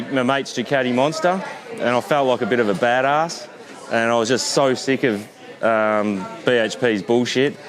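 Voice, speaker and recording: A relaxed, middle-aged Australian man tells a story outdoors, chatty and loose, swearing now and then. His pitch sits in a medium range, and a busy crowd murmurs clearly behind him. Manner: laid-back, swears casually, lots of fillers. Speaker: tour company founder. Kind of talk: casual storytelling.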